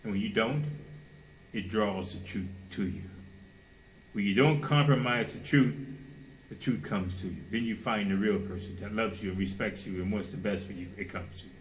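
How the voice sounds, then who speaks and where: A man preaching a sermon with fervor, firing rhetorical questions and now and then mocking people in a high, put-on voice. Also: moderate pace, slight background noise, low-quality recording.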